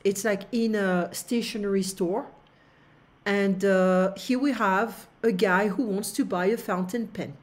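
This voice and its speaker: A woman's voice: medium pitch, steady tone, measured pace. Teacher lady, talks thru a textbook page, lots of uhs. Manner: explains step by step with many fillers. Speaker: French teacher. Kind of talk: online language lesson.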